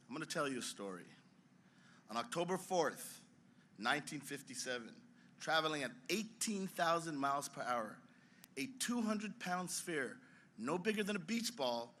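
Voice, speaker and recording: A man's voice: mid-range voice, pushed and bright, a little hiss or hum. A man, head of a science museum, giving a formal ceremonial speech in a dramatic, emphatic storytelling manner.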